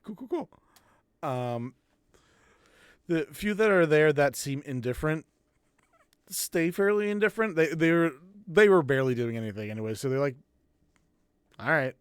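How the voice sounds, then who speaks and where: A man running a tabletop game as game master, narrating in a relaxed, rambling way with many fillers. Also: a little high, normal speed, pauses often, clean tone, no echo, clean studio sound.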